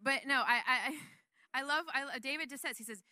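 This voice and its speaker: A woman leads a relaxed Bible teaching, talking in a chatty, rambling way with frequent laughs. Her voice is a little high and notably bright. The sound is dry and close. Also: a little fast, no echo.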